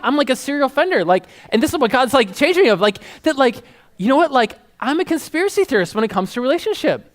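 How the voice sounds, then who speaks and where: High-voiced, animated male preacher. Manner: animated, conversational, acts out voices, laughs often. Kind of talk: sermon.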